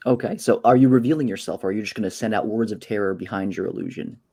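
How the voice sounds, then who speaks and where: Fast-talking man running the game. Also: fairly low pitch, vocal fry, darkish tone, husky. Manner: easygoing, encouraging. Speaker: game master.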